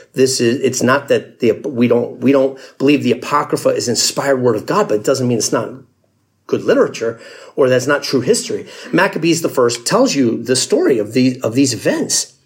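A man preaching a sermon in a conversational storytelling way, acting out the people in the story. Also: fairly high pitch. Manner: conversational storytelling, acts out quotes with laughs. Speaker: pastor.

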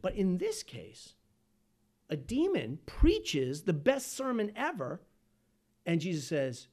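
A man preaching a sermon as pastor, asking the congregation questions and swinging from loud exclamations to hushed asides. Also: sits high, huge pitch swings, takes it slowly.

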